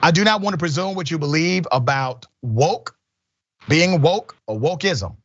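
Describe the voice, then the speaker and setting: A man formally questioning a witness at a hearing, measured and deliberate as he reads out definitions. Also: a little high, lively intonation, a bit bright, no echo, highs cut off.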